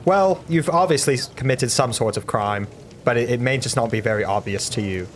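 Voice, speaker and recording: A man's voice: medium pitch, brisk, a little hiss or hum, natural voice. A man voicing a stiff, upright warrior who answers bluntly and preaches about justice and doing good, in a tabletop role-playing game. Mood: stern. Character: rigid, righteous warrior devoted to justice.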